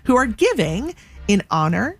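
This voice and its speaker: Excited woman co-hosting a radio fundraiser. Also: medium pitch, moderate pace, breathy edge. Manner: excited, laughs often. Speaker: radio co-host. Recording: radio studio with faint music.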